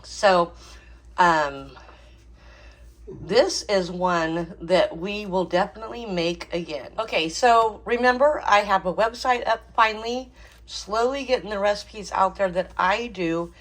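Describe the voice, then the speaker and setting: A woman's voice: mid-range voice, unhurried. A woman hosting a home cooking channel, talking casually with frequent ums and small laughs. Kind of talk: casual cooking vlog chat.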